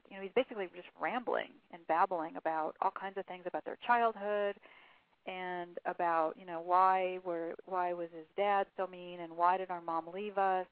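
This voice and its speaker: A woman's voice: fairly low pitch, dry recording. A woman guest on an interview, telling a story at length and reading quotes aloud, with frequent fillers, heard over a phone line. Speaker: author guest. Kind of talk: phone interview, recounting a case.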